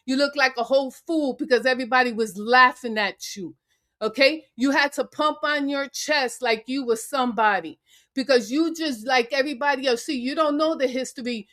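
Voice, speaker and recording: High-voiced woman ranting angrily. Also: normal speed, fairly bright tone. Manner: angry, confrontational, cursing; repeats taunts and challenges. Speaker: live stream panel guest. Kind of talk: heated live-stream rant. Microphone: remote call into a live stream.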